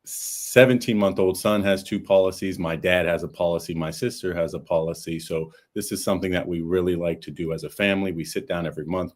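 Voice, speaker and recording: A man working as an insurance coach, telling his own story in a casual chat in a steady, earnest way. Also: deep voice.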